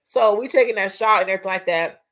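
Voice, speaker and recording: A young woman, telling a casual storytime story in an animated, profane, chatty way. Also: medium pitch, fast.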